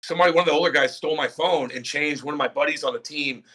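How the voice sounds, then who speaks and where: A man's voice: on the high side, very fast, breathy edge. A middle-aged man, a former pro hockey player, telling stories in a casual podcast chat, acting out quotes and swearing freely. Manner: animated storyteller, acts out quotes, swears freely.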